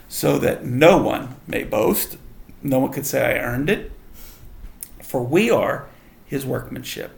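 A man's voice: mid-range voice, creaky, echoey room. A man leading a casual Bible study, reading verses aloud and explaining them in a conversational way. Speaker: Bible teacher.

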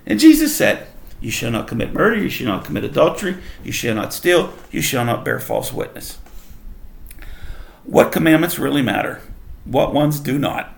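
A man's voice: medium pitch, wildly swooping pitch, moderate pace, creaky, echoey room. A man leading a casual Bible study, reading verses aloud and explaining them in a conversational way. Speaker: Bible teacher.

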